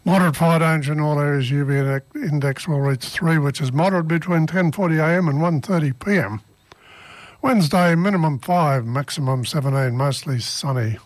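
An Australian man hosting community radio, talking in a relaxed, chatty way. His voice sits a little high. The sound is dry and close, with no room around it. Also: normal speed, no echo. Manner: chatty, reads weather lists then tells a joke. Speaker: radio presenter. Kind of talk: casual community radio presenting.

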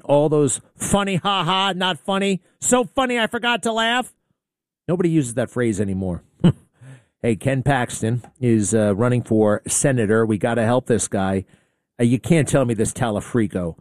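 A man's voice: mid-range voice, darkish tone, no room sound, clean studio sound. Indignant sarcastic male talk radio host. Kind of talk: opinionated talk radio monologue.

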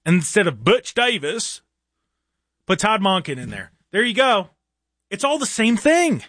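High, animated, exasperated young man ranting. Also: unhurried, no echo, clean studio sound. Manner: exasperated, heated, mocking. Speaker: sports commentator. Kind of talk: ranting sports commentary.

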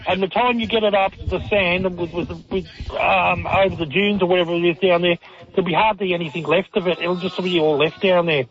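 Male radio caller, high husky voice, halting, rambling delivery, muffled call audio. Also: steady tone.

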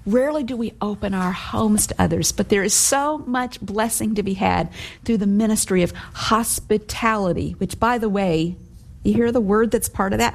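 A woman's voice: mid-range voice, vocal fry. A middle-aged woman giving devotional Bible teaching in an earnest, conversational way, quoting scripture as she goes.

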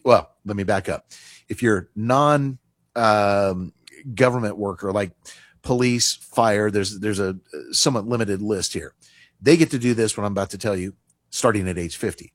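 Animated male radio finance host. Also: medium pitch, no echo, clean studio sound. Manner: animated, emphatic, conversational. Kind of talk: radio talk show monologue. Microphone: studio microphone.

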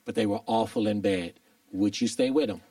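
A man's voice: on the low side, a little fast, mellow, dry recording, distant mic. A man performing stand-up comedy, questioning and teasing the audience. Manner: crowd work, questioning the audience.

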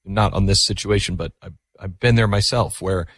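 A man's voice: low voice, moderate pace, a bit bright, no echo, clean studio sound. A man hosting a call-in radio show, speaking earnestly and reflectively to callers. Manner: earnest, reflective, taking calls. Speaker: radio talk show host.

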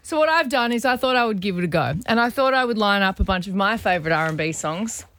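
A woman's voice: medium pitch, quick pace, no echo. Chatty Australian woman on radio. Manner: chatty, giggly, animated. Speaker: radio co-host. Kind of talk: casual radio banter.

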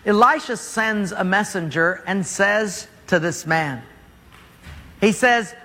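A man's voice: high voice, slow, sharp tone. A man preaching a sermon, retelling a story with humor and acting out the characters in voices. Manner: acts out characters with voices, jokes with the congregation. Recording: hall reverb.

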